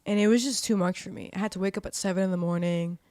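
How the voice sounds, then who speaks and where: A young woman in her twenties tells her own story as a podcast guest. She swears freely and rambles, filling her talk with "like". Her voice sits at an ordinary pitch and sounds dry and close. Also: fairly even intonation, rapid-fire, darkish tone, dry recording. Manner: profane and rambling, heavy use of "like". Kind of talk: candid storytelling.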